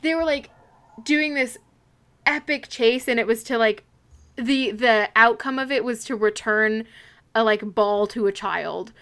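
Woman podcast co-host, casual banter, bright crisp tone, quick to interrupt. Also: on the high side. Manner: chatty, quick to interrupt and joke.

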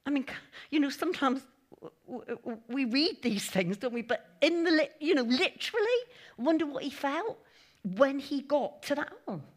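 A woman with a high-sitting voice preaches at a church meeting at a normal speed. Her sermon is conversational and animated, full of chatty asides, laughter, and acted-out quotes.

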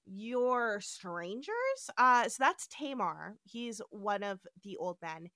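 A woman's voice: mid-range voice, measured pace, dry recording, studio quality. A woman hosting a casual podcast, retelling episode scenes and acting out the characters' lines. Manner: animated storytelling, acts out quotes. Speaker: podcast host.

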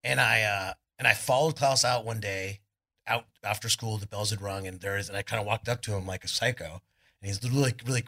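A middle-aged man with a Californian accent, telling rambling, animated stories at a live on-stage interview in a club, bursting loudly into quoted lines. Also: on the low side, breathy edge. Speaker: guest, rock singer.

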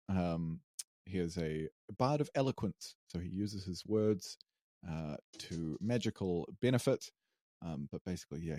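His fairly low, mellow voice comes through clean studio audio without echo as this co-host and player loosely recaps a tabletop game. He rambles, hesitates, laughs and leans on fillers.

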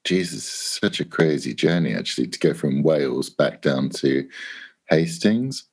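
An English man telling a long anecdote in a casual chat, animated, swearing and acting out what people said. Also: extremely low pitch, normal speed, slightly rough. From England. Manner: animated anecdote, swearing, laughing, acts out quoted voices. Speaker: guest. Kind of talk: casual storytelling.

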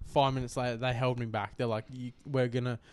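Young Australian bloke, podcast co-host, foul-mouthed storyteller, mid-pitched. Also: male voice, little pitch movement, brisk, crowd noise. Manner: crude, swearing, rambling anecdote. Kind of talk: casual storytelling chat.

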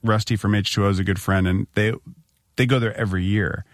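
Low-voiced easygoing male co-host. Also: fairly even intonation, quick pace, dry recording, studio quality. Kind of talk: casual chat.

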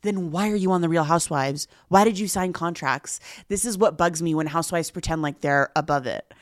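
A woman co-hosts a casual podcast, recapping reality TV in an animated, gossipy way. Her voice sits a little low. The sound is dry and close to the mic. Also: brisk, dry recording. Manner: animated, laughs often, gossipy. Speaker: podcast co-host.

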